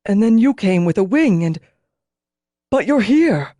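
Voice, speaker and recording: A confused bronze dragonrider man, voiced by a woman reader stumbles through his words, halting and bewildered. The reading is close and dry, like a storybook. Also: medium pitch, very animated, mellow, dry recording.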